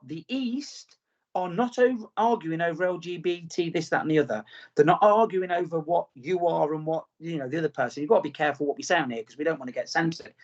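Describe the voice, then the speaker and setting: A man's voice: fairly high pitch, darkish tone. A middle-aged man with a British accent, chatting bluntly on a podcast and swearing freely. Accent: British English. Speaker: podcast host. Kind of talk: casual podcast chat. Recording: slightly muffled podcast audio.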